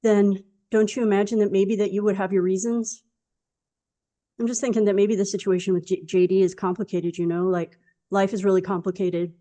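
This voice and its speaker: A woman's voice: medium pitch, little pitch movement, brisk, warm tone. A woman playing a tabletop role-playing game, talking in character in an earnest, rambling way full of fillers. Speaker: player.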